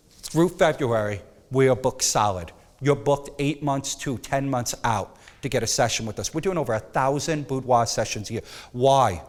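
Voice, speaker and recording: A man teaching a photography workshop, emphatic and animated, sometimes dropping to a soft coaxing tone. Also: medium pitch, in a large hall. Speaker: photography instructor.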